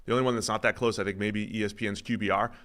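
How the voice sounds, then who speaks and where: A man's voice: fairly low pitch, rapid-fire. A man co-hosting a sports podcast, chatting casually and animatedly, sometimes mocking other pundits. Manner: animated, mocking impressions of radio hosts. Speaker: podcast co-host.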